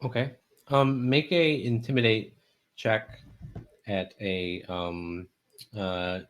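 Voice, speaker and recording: A man runs a tabletop role-playing game as game master. He narrates in a loose, halting way, stopping for ums and restarts. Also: on the low side, fairly even intonation, a bit bright. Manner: halting, filler-heavy, casual.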